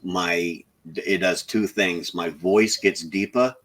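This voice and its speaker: A man with a Southern drawl, co-hosting a live stream in slow, easygoing casual chat. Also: low-pitched, fairly even intonation, a bit bright. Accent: American Southern drawl.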